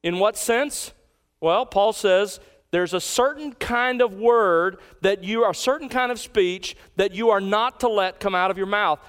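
A man preaching a sermon as pastor, emphatic and repeating key lines slowly for emphasis. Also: high voice, fairly bright tone, smooth.

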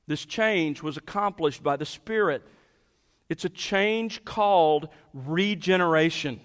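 A man's voice: high-pitched, expressive, unhurried. A man preaching an expository sermon as pastor, emphatic and repeating key phrases for stress. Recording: long hall reverb.

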